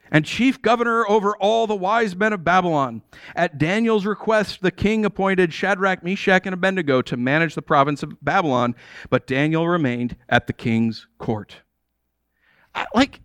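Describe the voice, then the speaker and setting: American male pastor, sermon delivery, casual and animated, higher voice, dry recording. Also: no room sound. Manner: conversational, animated, casual asides with "like" and "dude".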